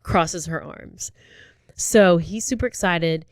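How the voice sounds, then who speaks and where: A woman co-hosting a casual true-crime podcast, telling the story in animated bursts with sudden jumps in pitch. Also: slow, no room sound, studio quality. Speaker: podcast co-host.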